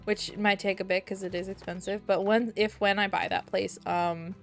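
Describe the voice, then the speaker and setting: A woman streaming a game, chatting casually and getting excited easily, with giggles. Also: mid-range voice, moderate pace, vocal fry, soft background music. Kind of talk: casual gameplay stream chat.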